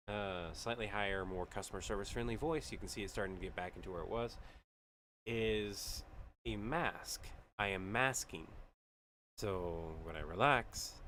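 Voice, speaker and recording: Man streamer, casual rambling chat, bright tense tone, slightly low voice. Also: a little hiss or hum. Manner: rambling and jokey, with frequent fillers.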